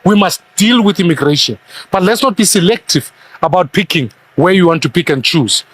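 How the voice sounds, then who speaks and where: Man, high voice, emphatic commentator on a news panel, argumentative delivery. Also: lively intonation, brisk, a bit bright.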